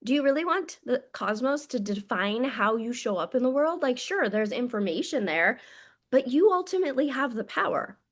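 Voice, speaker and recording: With a high, sing-song voice at a moderate pace, a woman speaks to camera as a spiritual coach. Her casual monologue is blunt yet intimate, full of swearing, and she refers to her listeners as "my loves."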